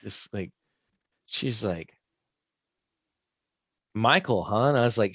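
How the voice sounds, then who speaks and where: Man, podcast co-host, casual rambling storyteller, low voice, dull lo-fi sound. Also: animated, slow, pauses often, fairly bright tone, husky, dry recording. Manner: rambling storyteller, acts out quotes. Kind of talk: casual chat.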